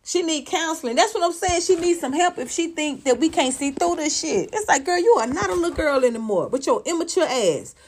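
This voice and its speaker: A woman's voice: sits high, lively intonation, a little fast, few pauses. Blunt, profane woman ranting gossip. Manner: blunt, profane, sarcastic, rhetorical questions. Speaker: commentator on celebrity news. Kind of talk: heated celebrity gossip commentary.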